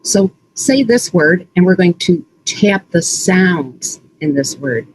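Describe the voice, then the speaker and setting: A woman literacy coach leading an early-reading lesson, saying words slowly and stretching out their sounds. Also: on the low side, lively intonation, breathy edge, poor audio. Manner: slow, deliberate, exaggerated word sounds. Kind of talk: slow instructional teaching, modeling sounds.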